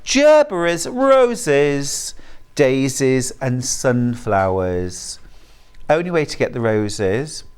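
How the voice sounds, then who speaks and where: British woman, TV sales host, effusive, smooth and clear. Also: rumbling low, sing-song, very slow, a little mellow. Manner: gushing, enthusiastic. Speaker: shopping channel presenter. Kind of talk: live selling patter. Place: TV studio.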